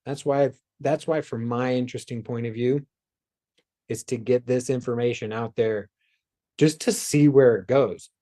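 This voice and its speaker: A man hosts a spiritual self-help talk in a mellow, warm voice. His delivery is loose and rambling, drifting into soft asides and sighs. His pitch sits in a middle range. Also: steady tone, moderate pace. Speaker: host.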